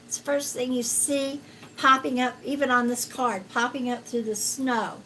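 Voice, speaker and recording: A woman giving a live-stream card reading as a psychic, talking gently and haltingly with many fillers and calling viewers sweetheart. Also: high-pitched, steady tone, a little hiss or hum, rough recording. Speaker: psychic reader.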